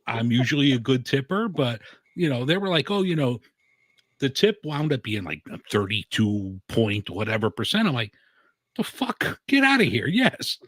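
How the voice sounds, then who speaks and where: A man's voice: mid-range voice, very animated, normal speed, no echo. Man, casual live chat, rambling, lots of filler, dry sound. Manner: rambling, full of "like" and "you know". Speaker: guest who writes about food and beer.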